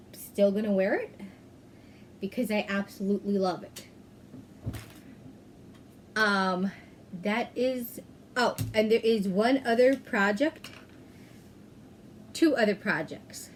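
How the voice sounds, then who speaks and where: A chatty woman hosts a knitting podcast, talking at an unhurried, slow pace. She often pauses on "um" and corrects herself as she goes. A faint background noise sits under her voice. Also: mid-range voice. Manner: chatty, self-correcting, frequent "um". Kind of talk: casual chat.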